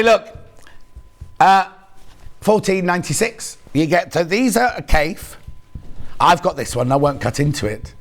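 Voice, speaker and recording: A man presenting a live shopping show, chatting playfully, teasing colleagues and reading out viewer messages. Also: a little high. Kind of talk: live on-air selling chat.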